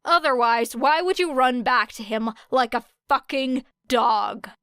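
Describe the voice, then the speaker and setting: A woman voicing a sharp-tongued, mocking teenage girl fighter in an audiobook reading, with a taunting, biting delivery. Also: high voice, unhurried, clear, resonant tone, no room sound, studio quality.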